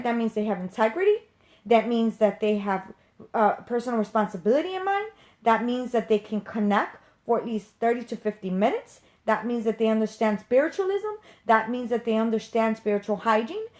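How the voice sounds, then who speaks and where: A woman speaking in a fairly high voice, ranting straight to her viewers in an unscripted live stream. She is a medium who teaches others, and she talks with blunt passion and heavy emphasis, swearing casually along the way.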